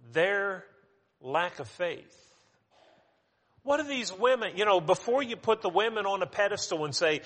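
A man's voice: a little high, sharp tone, long reverb tail. A man preaching a sermon to his congregation, conversational and emphatic, rising on his questions.

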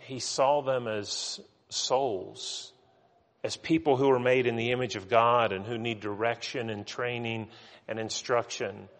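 A man's voice: mid-range voice, fairly even intonation, unhurried, fairly bright tone. Guy preaching a sermon, earnest, trips over words a lot, big echoey church hall. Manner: earnest preaching with frequent stammered restarts. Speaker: pastor.

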